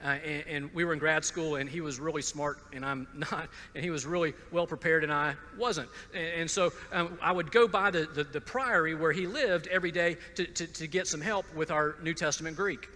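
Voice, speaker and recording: A man's voice: on the high side, a little fast, hardly any pauses, pushed and bright, long reverb tail. A man from Georgia gives a personal testimony talk, stumbling over repeated words and dropping wry asides. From Georgia, USA. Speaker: speaker at a conference.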